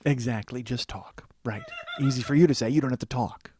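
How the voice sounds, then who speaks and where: A man's voice: medium pitch, a little fast, a crowd in the background. A man in his forties hosting a comedy podcast, rambling and self-mocking with frequent swearing into a studio mic. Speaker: podcast host.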